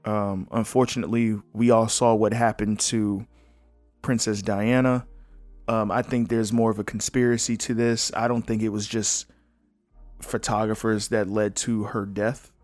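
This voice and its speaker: A man's voice: fairly low pitch, level tone, a little slow, a little mellow, no room sound, faint music behind. A man hosting a solo podcast in casual chat. He rambles and jokes in a loose, candid way, full of fillers and the odd swear. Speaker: podcast host.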